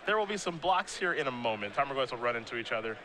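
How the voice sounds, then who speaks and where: A man calling a live game play-by-play in a relaxed, conversational way. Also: medium pitch, quick pace, a crowd in the background. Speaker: play-by-play commentator.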